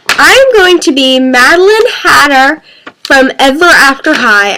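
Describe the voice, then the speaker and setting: A young girl hosts a casual tag video from her own channel, playful and prone to giggling. Her voice sits high and swoops widely, and she takes her time over each word with a bright, clear tone. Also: expressive, a little hiss or hum. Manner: playful, giggly, drawn-out words. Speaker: vlogger. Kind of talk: casual question-tag vlog.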